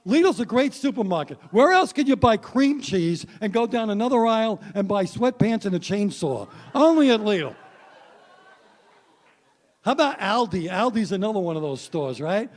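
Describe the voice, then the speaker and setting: High-voiced wry stand-up man. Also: expressive, normal speed. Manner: punchy, wry, addresses the crowd. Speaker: stand-up comedian. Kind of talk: stand-up comedy set. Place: stage before a live audience.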